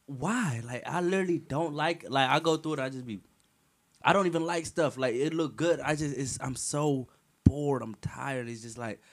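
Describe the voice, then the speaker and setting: A young man in casual conversation, animated and slangy, swearing freely. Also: medium pitch, normal speed. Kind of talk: casual chat.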